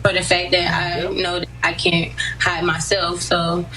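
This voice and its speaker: A woman athlete answering in a broadcast interview, speaking earnestly and in a measured way about her pain. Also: fairly low pitch, monotone, pushed and bright, distant mic, slight background noise, poor audio.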